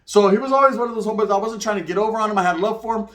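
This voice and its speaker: A man telling prison stories in a casual, animated, slang-heavy way. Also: high-pitched. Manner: slangy, animated, rapid-fire. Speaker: storyteller recounting prison life. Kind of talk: casual storytelling.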